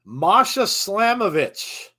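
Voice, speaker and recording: A man hosting a live wrestling watch-along, chatting casually, laughing often and breaking into excited shouts. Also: high voice, takes it slowly. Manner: chatty, laughs often, reads viewer comments. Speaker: host.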